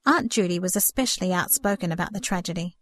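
A woman's voice: on the low side, quick pace, fairly bright tone. Earnest woman reading a story. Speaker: audiobook narrator. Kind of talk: scripted storybook narration.

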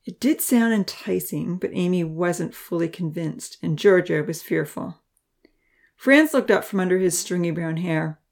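Low, gravelly woman storybook narrator. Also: unhurried, a little mellow.

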